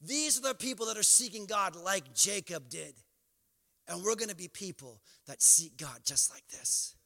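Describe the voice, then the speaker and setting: A male pastor preaching a sermon, moving from quiet storytelling to impassioned, near-shouted exhortation. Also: sits high, lively intonation, moderate pace. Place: church sanctuary. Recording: church hall reverb.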